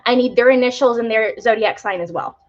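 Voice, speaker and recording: A woman's voice: a little high, a little fast, dull audio. A young woman giving live tarot readings, talking casually with many fillers about spiritual topics. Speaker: tarot reader.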